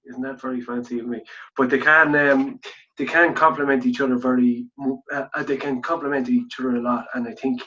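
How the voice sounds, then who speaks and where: A man's voice: mid-range voice, fairly bright tone. An Irish man with a Kildare accent, co-hosting a podcast in a chatty, rambling way with frequent restarts. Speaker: podcast co-host. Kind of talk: casual podcast chat and interviewing. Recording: dull lo-fi podcast audio.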